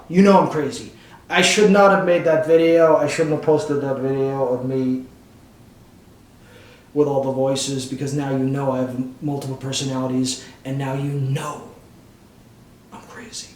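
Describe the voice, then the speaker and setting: A man hosting a casual hobby video, talking to camera in a joking, rambling way with playful asides. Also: a little high. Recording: echoey room with faint hum.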